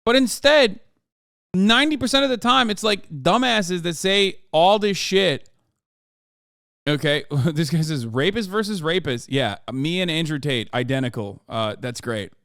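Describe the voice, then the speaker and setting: A man's voice: on the high side, a little slow, vocal fry, a bit bright, clean tone, no room sound, clean studio sound. A man in his thirties ranting on a livestream, exasperated and profane, often pressing his points with a repeated "okay?". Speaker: streamer reacting to posts. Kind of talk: casual livestream rant.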